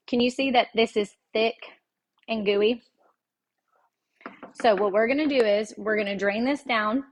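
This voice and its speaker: A woman talks her viewers through a recipe in her home kitchen. Her voice sits a little high, and she keeps the tone chatty and folksy, breaking into easy laughter. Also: fairly even intonation, measured pace, long pauses. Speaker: cooking show host. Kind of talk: casual live cooking demonstration.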